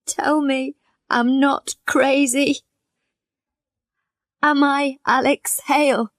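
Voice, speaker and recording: A woman's voice: on the high side, fairly even intonation, takes it slowly, no room sound, clean studio sound. A woman reading a frightened injured young man. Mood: pleading. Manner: pleading, fearful. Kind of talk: storybook reading.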